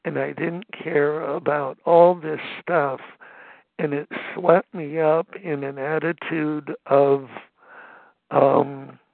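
An older man in his seventies speaks slowly over a tinny phone line, his voice a touch high and gravelly. He tells his own story haltingly, pausing on fillers and starting over. The sound is dry and close. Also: steady tone, no room sound. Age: 70s. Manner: halting, with many fillers and restarts. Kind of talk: personal testimony at a phone meeting.

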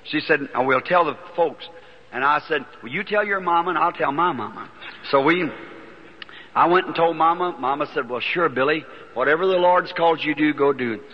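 A man preaching in a folksy, animated storytelling manner, with a Southern Indiana accent. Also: on the high side, a little fast. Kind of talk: sermon storytelling. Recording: old lo-fi recording in a reverberant hall.

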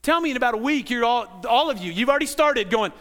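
A male pastor preaches a sermon in an extremely high-pitched voice at a fast clip. He's animated and conversational, often repeating words and firing questions at his congregation.

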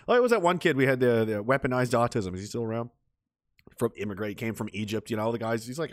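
A Canadian man rants in a casual monologue, rambling and heated, swearing often and restarting sentences. He talks fast with a medium pitch and lively intonation. The studio sound is clean, with no echo.

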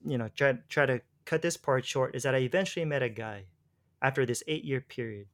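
A man tells his faith story at a slightly quick pace, his voice at a typical middle pitch. It's a relaxed, meandering account full of restarted sentences and slang like "bro."

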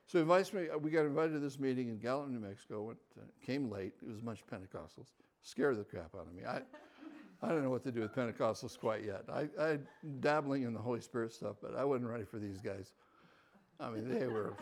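Brisk and medium in pitch, the older man tells his own story to an audience as a guest. His telling is lively, moving between quiet asides and bursts of loud animation.

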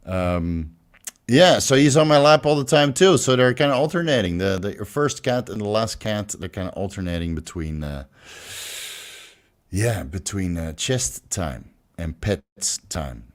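A man's voice: on the low side, animated, unhurried. A man with a Dutch accent chatting loosely on a livestream, swearing freely and reading out viewer comments. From Netherlands. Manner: loose and profane, many fillers and restarts. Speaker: livestream host.

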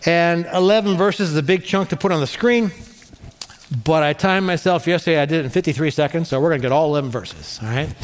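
A man pastor preaching a sermon in an animated way, repeating phrases for emphasis, in a large church hall. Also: a little high, quick pace. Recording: long hall reverb.

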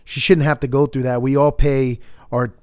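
A man's voice: mid-range voice, level tone, moderate pace, darkish tone, smooth, no room sound, clean studio sound. A man hosting a podcast, talking in a laid-back, conversational way. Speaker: podcast host. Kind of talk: casual podcast chat.

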